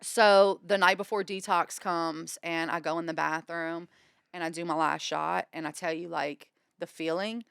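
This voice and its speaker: A woman from Louisiana, a podcast guest telling her recovery story in a lively way and acting out what people said. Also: moderate pace, creaky, clear, resonant tone, dry recording, clean studio sound. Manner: animated, acts out quoted dialogue with pitch jumps. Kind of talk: candid storytelling about recovery.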